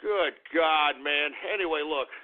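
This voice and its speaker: A man's voice: a little high, unhurried. A man hosting a radio show, ranting in an agitated, profane, rambling way. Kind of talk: ranting call-in style talk radio. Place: Austin, Texas. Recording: tinny phone-like lo-fi radio recording.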